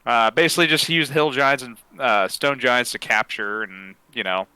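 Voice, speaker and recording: Young-sounding man, tabletop player, bright crisp voice, dry close mic, relaxed with fillers. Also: mid-range voice, moderate pace, no room sound, low-quality recording. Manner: laid-back, laughs often, many fillers. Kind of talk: casual character introduction at a tabletop game.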